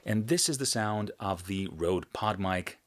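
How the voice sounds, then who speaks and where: A man teaching about microphones in a chatty, casual demonstration, moving closer to and farther from the mic in a small, lively room. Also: on the low side, unhurried. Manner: chatty, explains while moving toward and away from the mic. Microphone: studio microphones tested at changing distances.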